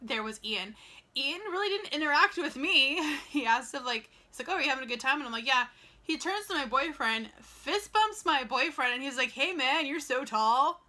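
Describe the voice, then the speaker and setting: Bright, chatty young woman vlogger. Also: high-pitched, animated, normal speed. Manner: chatty, lots of "like" and quoted dialogue. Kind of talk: casual storytelling vlog.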